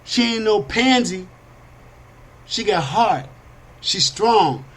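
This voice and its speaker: A man hosting a podcast, telling an animated parable in street slang, swinging between high whiny character voices and low asides. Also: slow. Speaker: podcast host. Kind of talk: storytelling monologue.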